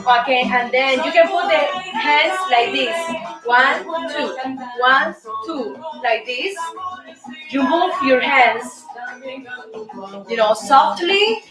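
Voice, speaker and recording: High-voiced woman teaching salsa steps. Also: slow, echoey room, recorded from a distance, over music. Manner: counts steps aloud, chatty and playful. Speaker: host and dance teacher. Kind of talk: casual dance lesson.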